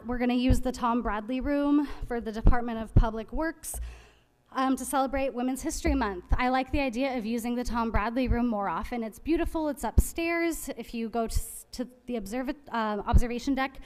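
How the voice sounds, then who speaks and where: A woman's voice: fairly high pitch, moderate pace, big-room sound. Sarcastic woman giving public comment. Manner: sarcastic and scolding. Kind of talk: public comment at a council meeting.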